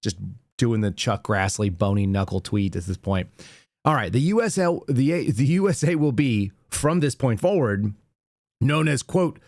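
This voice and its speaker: A man's voice: mid-range voice, sing-song, normal speed, a little mellow, dry recording. Sarcastic male show host, dry sound. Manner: sarcastic, mocking, chuckling. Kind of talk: news commentary on a live show.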